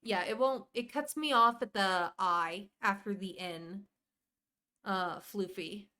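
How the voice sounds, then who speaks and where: A woman's voice: medium pitch, slow pace. Chatty woman streaming a game. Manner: chatty, rambling, warmly greets viewers by name. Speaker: live streamer. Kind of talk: casual live-stream chat while playing.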